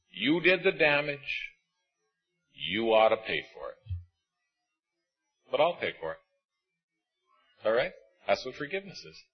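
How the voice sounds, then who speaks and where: A man preaching a sermon to a congregation in an auditorium, animated and acting out voices of the people in his stories. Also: mid-range voice, husky, muffled recording.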